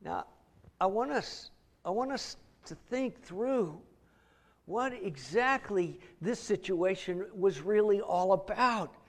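Speaking slowly in a high voice, a middle-aged preacher tells a vivid story during his sermon. He repeats words frequently and acts out the voices of characters.

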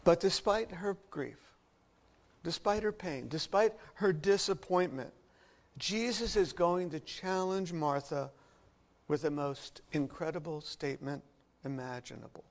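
A man preaching a sermon, his delivery swinging between emphatic and hushed. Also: on the high side, a little slow. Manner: expressive preaching with wide swings in loudness. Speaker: pastor.

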